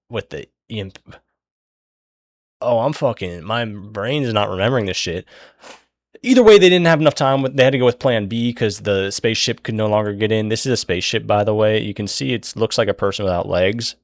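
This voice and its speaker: A man's voice: lowish voice, dry recording, studio quality. A young man casually retelling a story while he draws it, rambling, swearing and losing his place.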